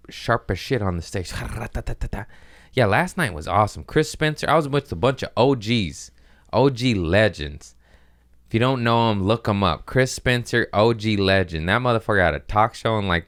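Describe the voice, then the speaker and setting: Man, podcast host, deep voice, dry studio mic, rambling crude comedy. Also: a bit bright, no room sound. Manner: rambling, crude storytelling with quick put-on voices. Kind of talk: casual comedic chat. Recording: dry close studio sound.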